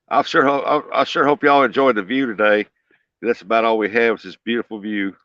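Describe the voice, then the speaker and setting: A livestream host talks casually with his viewers while fishing by a flooded river levee, relaxed and folksy with lots of chuckles. He speaks a little fast in a steady, mid-range, fairly bright voice with no echo, though the dry recording sounds dull and lo-fi.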